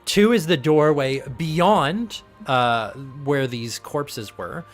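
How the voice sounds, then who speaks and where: A game master running a tabletop game over a voice call, describing rooms slowly and deliberately. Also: mid-range voice, animated, soft background music. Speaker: dungeon master.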